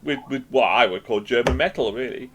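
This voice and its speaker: A male interview host with a medium-pitched voice. He asks long, winding questions and keeps breaking off to restart them. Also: a little fast, a bit bright, a little hiss or hum. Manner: rambling, restarts questions mid-phrase.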